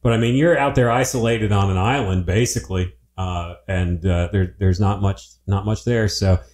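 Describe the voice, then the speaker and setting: A man's voice: sits low, fairly even intonation, normal speed, a little mellow, a little hiss or hum. A man co-hosting a podcast in casual chat, laid-back and chuckling often. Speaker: podcast co-host. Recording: roomy echo.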